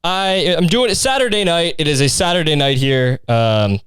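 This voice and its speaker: Young male podcast host, slightly high and smooth voice, crude rambling comic delivery. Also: animated, moderate pace, a bit bright, no echo, studio quality. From Canada. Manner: crude, rambling, insult-heavy. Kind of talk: solo comedy podcast rant.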